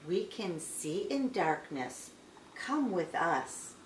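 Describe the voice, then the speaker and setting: Casting: woman reading as a gentle mother bat, soft, low, soothing, roomy sound. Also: big pitch swings, takes it slowly, slight background noise. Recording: roomy, a bit distant.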